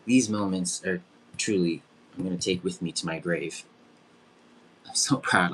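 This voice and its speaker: A young man with a fairly low voice leads a live-streamed psychic circle. He talks in an effusive, emotional way and breaks into giggles easily. There is a faint hum behind him. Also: unhurried, long pauses, fairly bright tone. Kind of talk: live-stream group session.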